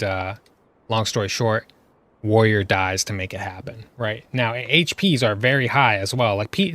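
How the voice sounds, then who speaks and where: A man's voice: lowish voice, fairly bright tone, no room sound. A man giving exasperated, ranting commentary over gameplay footage, full of rhetorical questions. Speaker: gaming video creator.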